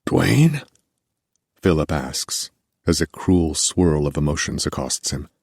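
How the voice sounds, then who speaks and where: A man narrating a horror audiobook in a measured, steady scripted delivery. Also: very deep voice, no echo, studio quality.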